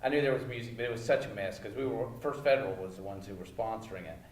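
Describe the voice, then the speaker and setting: A man's voice: lowish voice, racing, far from the mic, a little hiss or hum. A man interviewing, asking chatty, meandering questions. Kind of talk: casual interview. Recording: roomy, off-mic.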